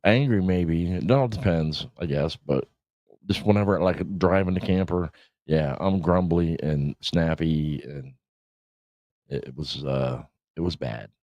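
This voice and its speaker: A man's voice: deep voice, a little slow, a little mellow, no echo. A middle-aged man hosting a casual livestream, rambling, swearing and laughing as he talks. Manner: rambling, profane, laughs often. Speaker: podcast host. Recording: dull lo-fi stream audio.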